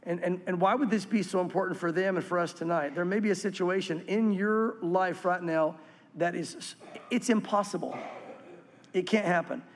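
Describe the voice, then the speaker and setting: A man preaching a sermon as pastor, earnest and swinging from animated to hushed. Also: high voice, moderate pace, big-room sound.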